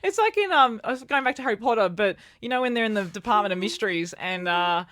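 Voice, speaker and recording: A woman's voice: medium pitch, expressive, quick pace, a bit bright. A woman co-hosting a podcast, chatting casually in a rambling way with restarts and frequent laughter. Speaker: podcast co-host. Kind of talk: casual chat.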